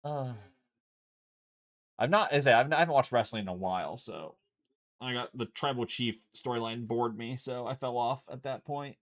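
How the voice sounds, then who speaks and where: A man's voice: medium pitch, normal speed, fairly bright tone. A man casually chatting and explaining a card game as he streams from home, loose and chatty, swearing freely. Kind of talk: casual chat while playing.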